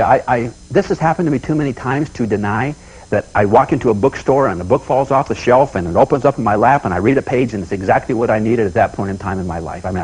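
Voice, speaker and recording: A man giving a motivational seminar talk, telling folksy personal stories in an animated way and often repeating himself. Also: mid-range voice, breathy edge, low-quality recording. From United States. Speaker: seminar speaker.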